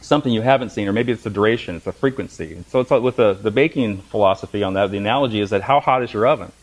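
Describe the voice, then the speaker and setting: A middle-aged man teaches a class of massage therapists, talking at a brisk clip. He tells stories with humor and acts out the voices of people in them. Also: lowish voice, rough recording. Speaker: massage instructor. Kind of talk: lecture to a class.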